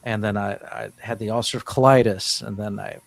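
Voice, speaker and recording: A man's voice: fairly low pitch, steady tone, fairly quick, creaky, no room sound. A man in his fifties, a guest in an interview, telling his story in an earnest, rambling way with many restarts. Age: 50s. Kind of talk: casual interview talk.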